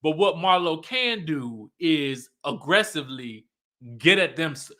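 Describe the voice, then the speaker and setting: A man hosting a livestream recap of a reality show, sassy and animated, laughing often and talking straight to his viewers. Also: on the high side, unhurried. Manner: talks straight to viewers, reads their comments aloud.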